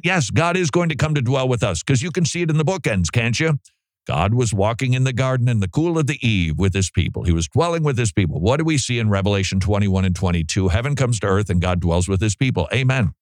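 An emphatic male preacher whose pitch swings widely as he drives his points home. The sound is dry and close, with no room echo. He often mocks opposing arguments in a mimicking voice. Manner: emphatic, mocking the views he argues against in mimicked voices. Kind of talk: sermon-style teaching.

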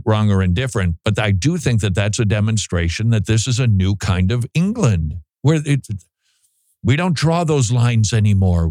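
A man's voice: lowish voice, no room sound. Sarcastic male talk show host. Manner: sarcastic, mocking, animated. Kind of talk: opinionated commentary.

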